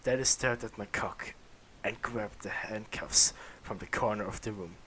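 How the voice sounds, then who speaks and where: A man's voice: lowish voice, normal speed, sharp tone, a little hiss or hum. A man reading fan fiction aloud, stumbling over words and laughing now and then. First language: German. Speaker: reader.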